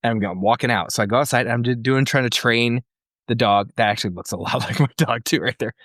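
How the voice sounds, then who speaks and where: A man's voice: mid-range voice, fast talker, fairly bright tone, dry recording, clean studio sound. A man co-hosting a casual comedy podcast, telling an exasperated story with plenty of swearing. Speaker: podcast co-host.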